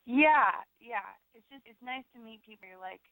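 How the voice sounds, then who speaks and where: A young American actress chatting in an interview, rambling with lots of fillers and restarts. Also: female voice, on the high side, lively intonation, moderate pace, a bit bright. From United States. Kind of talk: casual interview chat. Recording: dry tinny phone-like sound.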